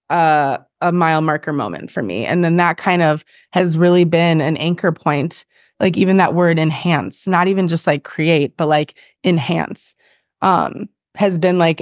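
A woman's voice: deep voice, unhurried, no echo, clean studio sound. A woman in her thirties, a podcast guest, talking earnestly in a casual interview, full of "like" and "um". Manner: filler-heavy, earnest, tangents. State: briefly emotional.

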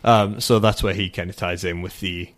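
A man's voice: low-pitched, fairly even intonation, moderate pace, a bit bright. A man co-hosting a casual chat show, opinionated and wry. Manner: opinionated, wry, slips into playful impressions. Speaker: podcast co-host.

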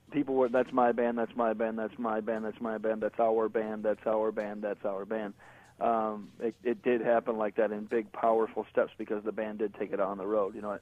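A man's voice: medium pitch, dry recording. A middle-aged man, a guest musician, talking casually in an interview with a laid-back, slangy manner. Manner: laid-back, slangy, animated when joking. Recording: tinny phone line.

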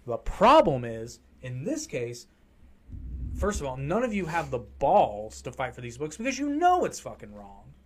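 A man's voice: medium pitch, wildly swooping pitch, normal speed, darkish tone. A man hosting a podcast, ranting heatedly and with a lot of profanity during a casual political chat. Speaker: podcast host.

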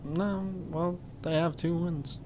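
A man co-hosting a casual sports chat, talking in halting restarts and giving blunt opinions. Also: a little high, fairly even intonation, warm tone, a little hiss or hum.

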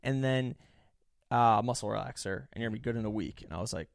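Animated, swearing young man telling a story. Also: medium pitch, fast talker, vocal fry, no room sound, studio quality. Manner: animated, profane storyteller who laughs often and mimics others. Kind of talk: casual storytelling chat.

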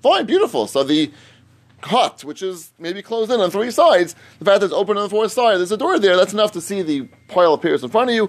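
A man's voice: high voice, big pitch swings, brisk. A man teaching a Talmud class, reasoning aloud with emphatic, repeated phrases and fielding students' questions. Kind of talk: Talmud study lecture.

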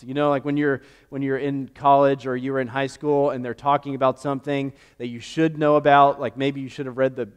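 A young man preaching a sermon in a relaxed, conversational way, telling personal stories and acting out the quotes. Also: medium pitch. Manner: conversational, animated storytelling with acted-out quotes. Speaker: pastor.

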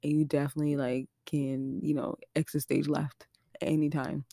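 Gravelly-voiced woman telling stories. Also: low voice, moderate pace, dry recording, clean studio sound. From Nova Scotia, Canada. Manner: chatty and animated, heavy use of "like", acts out quotes. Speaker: podcast host. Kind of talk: casual storytelling monologue.

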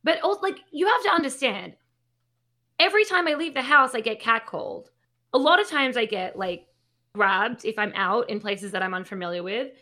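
A woman's voice: on the high side, animated, normal speed, bright, forceful tone. A woman in her thirties chatting casually on a podcast, blunt and sweary, with lots of fillers. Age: 30s. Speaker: podcast co-host.

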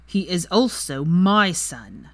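A woman voicing a cold, haughty older wizard father in a fan story reading, with slow, measured lines. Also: lowish voice, big pitch swings, a bit bright, no echo, exaggerated voice.

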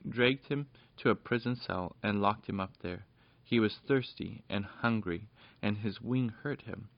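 A man reading a children's storybook aloud in a plain, steady way, with small slips. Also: fairly low pitch, vocal fry, dry recording. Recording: dull lo-fi dry recording.

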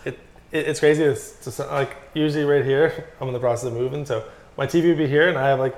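A man's voice: mid-range voice, fast, reverberant. A man talking as a guest pro BMX rider in a casual podcast chat, telling stories with lots of swearing. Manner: profane, animated storytelling.

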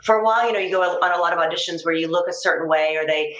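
A chatty woman talks in a casual interview, lively and quick to laugh. Her voice sits a little low for a woman. The room around her rings with a clear echo. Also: lo-fi sound. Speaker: actress guest. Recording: roomy echo.

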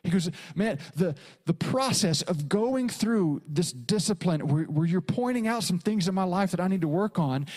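A man's voice: high-pitched, a little mellow. A middle-aged man preaching a sermon as a pastor, driving his points home with repeated phrases and acting out quoted lines. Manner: preaching with emphatic repetition and dramatic quoted asides.

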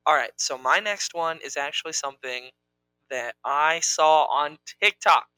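A young man chatting casually as co-host, rambling and playful as he jumps between topics. His voice is bright and forward, and the sound is close and dry with no room in it. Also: a little high, unhurried, clean tone, dry recording, poor audio. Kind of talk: casual chat.

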